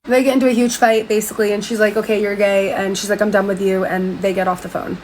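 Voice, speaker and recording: Woman vlogger, mid-pitched, casual slangy commentary, a touch of faint noise. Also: level tone, fast, darkish tone, poor audio. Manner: slangy, profane, chatty with many "like"s.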